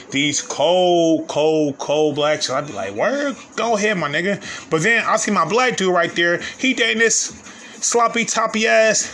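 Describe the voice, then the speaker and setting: A man's voice: fairly high pitch, pushed and bright. A man doing a brash, profane comic rant, full of slang and cursing, rambling with lots of fillers. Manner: loose, rambling delivery with many fillers.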